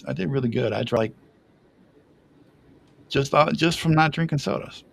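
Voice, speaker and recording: A man's voice: medium pitch, moderate pace, creaky, slight background noise. Rambling, laughing man telling stories. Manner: rambling, laughs often, self-deprecating. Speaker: podcast guest. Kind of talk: casual storytelling.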